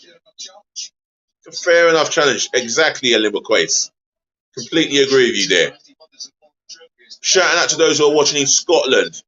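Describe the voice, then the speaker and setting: A man hosting a live football watch-along stream, chatty and easily exasperated, giving viewers shout-outs. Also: mid-range voice, animated, normal speed, pauses often, dull audio.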